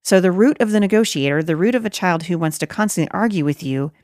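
This middle-aged woman talks fast in a low, somewhat dark voice, full of animation, delivering a sincere Christian teaching on parenting. Her style is chatty yet forceful, sprinkled with rhetorical asides, and the studio audio is clean with no audible room.

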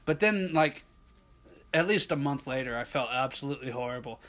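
A man's voice: mid-range voice, fairly quick. A young man telling a long story in casual chat, often acting out the people in it. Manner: animated, slips into impressions of friends.

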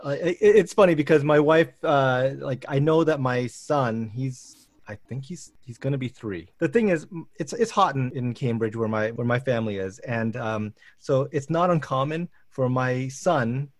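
A man in his thirties, a professor hosting a casual chat, telling animated, rambling anecdotes full of restarts. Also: mid-range voice, moderate pace, dry recording, clean studio sound. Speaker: professor and host.

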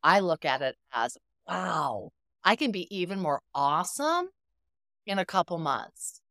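Here a middle-aged therapist, guest on a podcast, narrates expressively and plays out quoted exchanges in a fairly low, fairly bright voice. She is very animated but unhurried. The recording is clean studio sound with no room sound.

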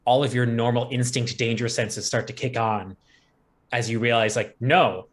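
Easygoing man game master, describes scenes, mid-pitched. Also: fairly even intonation, moderate pace. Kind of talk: narrating a tabletop game.

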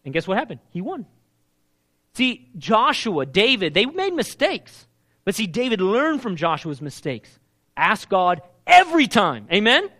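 A man with a high, slightly slow voice preaches a sermon with animation, putting questions to the congregation and acting out the lines he quotes.

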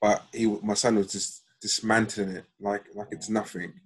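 A man's voice: lowish voice, little pitch movement, normal speed, breathy edge. A man in a laid-back, emphatic casual chat.

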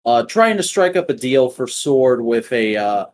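A man chatting casually about comics on a podcast, offhand and quick to swear. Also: mid-range voice, very animated, a little hiss or hum. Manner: swears freely, rambling and offhand. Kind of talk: casual chat.

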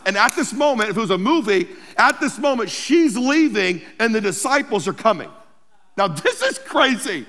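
A pastor preaching a sermon, telling the story in a humorous, lively way with playful asides. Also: male voice, high voice, normal speed. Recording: long hall reverb.

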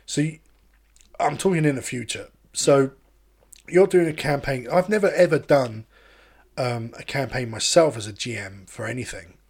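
A podcast host, chatting casually and telling animated, sweary stories. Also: male voice, medium pitch, moderate pace, husky. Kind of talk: casual chat.

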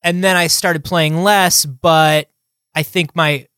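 Chatty higher-voiced man, podcast host. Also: fairly even intonation, a bit bright, clear, resonant tone, no room sound, clean studio sound. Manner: chatty, fast bursts, lots of "like" fillers, playful asides. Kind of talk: casual chat.

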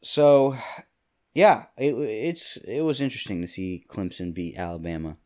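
A man in his twenties from Kentucky, talking alone into a mic in a rambling, jokey way with quick asides. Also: on the low side, warm tone. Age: 20s. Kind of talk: casual solo monologue. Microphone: studio mic with pop filter.

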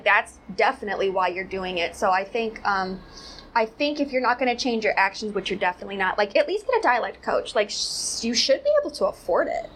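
Woman host rambling sarcastic commentary, lots of "like", kinda high voice. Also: a bit bright, a little hiss or hum, rough recording. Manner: rambling, sarcastic, heavy use of "like". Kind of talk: casual commentary.

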